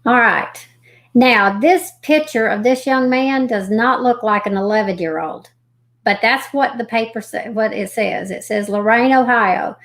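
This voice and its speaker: A woman hosting a live stream, reading missing persons reports aloud haltingly, with folksy chatty asides. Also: a little high. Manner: reads haltingly, stumbling over names and restarting.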